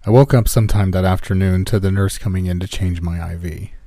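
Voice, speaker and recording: A man reading a first-person horror story in calm, scripted narration, lifting his voice for quoted characters. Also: sits low, fairly quick, no echo, studio quality.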